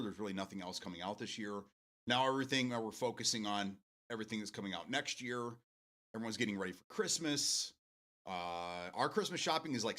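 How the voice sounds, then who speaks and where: Male host, casual home gaming talk show. Bright, animated voice. Rambling, profane and quick to laugh. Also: medium pitch. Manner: rambling, restarts often, swears freely, laughs a lot.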